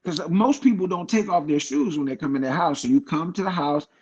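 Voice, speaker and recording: Brief: man from Cleveland, slightly higher voice, animated and profane storyteller, dull lo-fi recording. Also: a little fast, husky. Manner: animated storyteller, profane, acts out quoted people. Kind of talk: casual chat. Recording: dull lo-fi sound.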